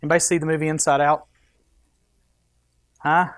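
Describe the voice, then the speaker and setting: A man's voice: on the high side, little pitch movement, moderate pace, no room sound, clean studio sound. A man preaching a sermon in a conversational, joking manner to his congregation. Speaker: pastor.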